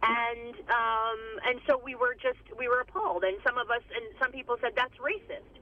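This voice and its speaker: A woman's voice: fairly high pitch, steady tone, moderate pace, a little hiss or hum. A woman speaking emphatically as an interviewee, with many restarts. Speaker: interviewee, community advocate. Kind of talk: recorded interview over phone. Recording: tinny phone line.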